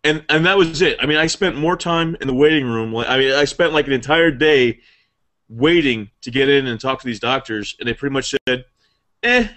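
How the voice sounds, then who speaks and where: A man's voice: mid-range voice, steady tone, a little fast, a bit bright. A man on a casual podcast, telling a long profane story in a rambling way and laughing at himself. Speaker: podcast host.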